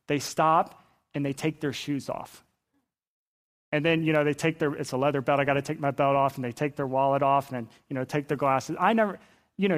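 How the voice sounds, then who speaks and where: A man preaching a sermon, telling a Bible story in a conversational way, acting out characters' lines and asking the congregation rhetorical questions. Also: on the high side. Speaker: pastor.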